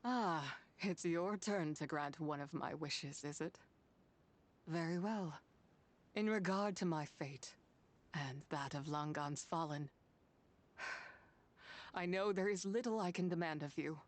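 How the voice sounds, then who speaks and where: A woman voicing a solemn female spirit, the leftover wrath of an immortal, in a grave, measured, poetic manner for a game. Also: low voice. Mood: resigned. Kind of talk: game voice acting.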